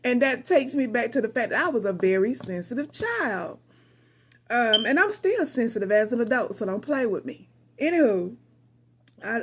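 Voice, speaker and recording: A loud, talkative woman recording an unedited personal reflection, rambling between laughter and tears with a sassy, direct edge. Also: mid-range voice. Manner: emotional, laughing through tears. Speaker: vlogger reflecting on grief.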